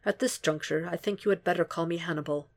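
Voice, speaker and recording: A woman voicing a hushed, measured gentleman doctor. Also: on the low side. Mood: tender. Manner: soft, hushed and deliberate. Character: composed, courtly male doctor, low and measured. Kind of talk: audiobook fan fiction reading.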